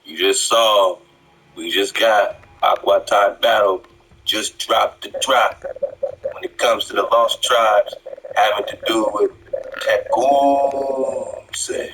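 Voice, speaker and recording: A man's voice: lowish voice, fairly even intonation, slow, bright, forceful tone, a little hiss or hum, low-quality recording. A man commenting over a played clip, lecturing and challenging the speaker, often repeating his words. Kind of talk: reaction commentary.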